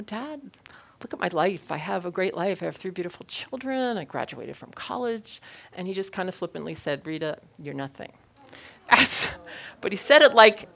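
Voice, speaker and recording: Gravelly-voiced woman minister telling a story. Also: low-pitched, a bit bright. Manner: personal storytelling, laughs often, earnest. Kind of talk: Sunday sermon talk.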